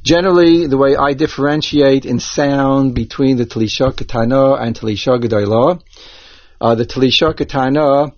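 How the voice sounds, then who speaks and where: A man teaching Torah cantillation, explaining each accent mark slowly and methodically, step by step. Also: medium pitch, no room sound. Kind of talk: instructional explanation with chanted examples. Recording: dull lo-fi dry recording.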